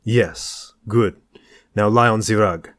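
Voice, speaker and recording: Male reader doing a French seducer: French accent, slow and insistent, low and dry. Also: a bit bright, no room sound. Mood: commanding. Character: languid, intense French man, a seductive stranger.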